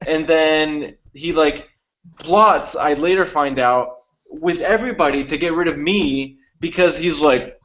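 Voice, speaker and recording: A man's voice: a little high, moderate pace, fairly bright tone, dull audio. A young man co-hosting a podcast, telling a long story in casual chat, acting out quotes and swearing freely. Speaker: podcast co-host.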